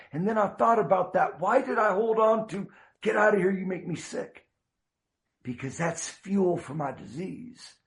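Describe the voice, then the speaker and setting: Gravelly older man telling his recovery story. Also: sits high. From United States. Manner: earnest, halting, with many restarts and a casual "man". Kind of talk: heartfelt personal storytelling.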